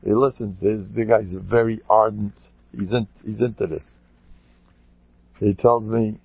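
A man, a rabbi, giving a lively storytelling Torah talk, acting out quotes and sprinkling in Yiddish and Hebrew words. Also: fairly low pitch, unhurried, creaky, pauses often, slightly rough, no room sound. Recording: dull lo-fi recording.

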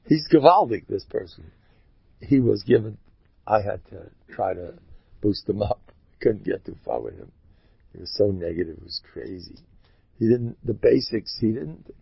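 Male preacher, rambling storyteller, husky low voice with wide swings; lo-fi dry sound. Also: sing-song, moderate pace, no echo. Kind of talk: sermon with storytelling. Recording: dull lo-fi dry recording.

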